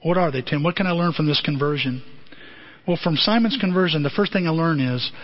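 A male pastor delivering a sermon with animated storytelling, acting out the people in his stories. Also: fairly high pitch, brisk, highs cut off.

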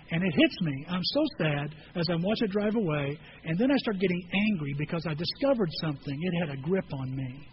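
A man delivers a sermon in a high, conversational voice, telling a personal story before pushing to emphatic peaks. The audio is slightly dull, with a faint hiss behind it. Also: lively intonation, brisk. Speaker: pastor.

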